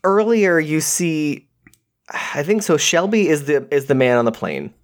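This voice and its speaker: A man co-hosting a podcast, rambling and animated as he recaps a movie in casual conversation. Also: a little high. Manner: rambling, animated, quick to quote characters. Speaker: podcast co-host.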